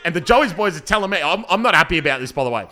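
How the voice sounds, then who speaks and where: A young man giving playful, joking commentary over his own amateur football match, breaking into excited shouts. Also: a little high, racing. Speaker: football commentator and team player.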